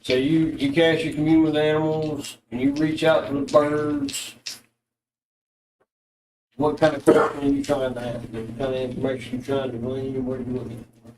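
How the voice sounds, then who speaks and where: A man's voice: medium pitch, level tone, moderate pace, noisy background. A man narrating as game master, in a loose, rambling way full of fillers. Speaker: dungeon master. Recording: echoey room, voice from a distance.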